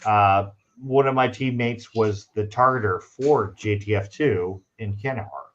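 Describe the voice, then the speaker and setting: A man hosting a podcast in casual chat, telling stories with lively acted-out quotes. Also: fairly low pitch, measured pace. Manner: animated storyteller, acts out quoted dialogue. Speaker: podcast host. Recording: dull lo-fi sound.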